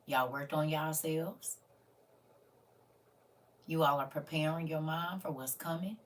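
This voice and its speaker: A woman with a deep voice and fairly even intonation hosts a casual livestream, speaking slowly and earnestly to viewers she treats as family. Her manner turns a bit preachy, and she sounds recorded from a distance.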